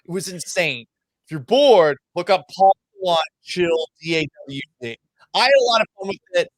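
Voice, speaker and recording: A fairly high-voiced man, a sports radio host, tells lively anecdotes with plenty of swearing and jokes at his own expense. He is from Massachusetts. The sound is dry and close. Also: moderate pace, no echo. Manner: self-deprecating, profane, animated anecdotes. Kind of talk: casual storytelling in a podcast interview.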